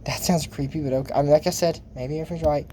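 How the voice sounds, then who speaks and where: Guy rambling thru a cartoon recap, mellow soft tone, lots of um and so anyways. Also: a little high, fairly even intonation, very fast, a little hiss or hum. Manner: rambling, chatty, full of asides and fillers. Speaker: video host recapping a cartoon episode. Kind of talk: casual commentary.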